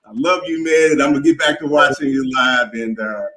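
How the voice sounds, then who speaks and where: A man's voice: mid-range voice, brisk, pushed and bright, poor audio. A man in his fifties calling into a live stream, talking earnestly and emotionally, often stammering and repeating words. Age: 50s. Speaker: caller.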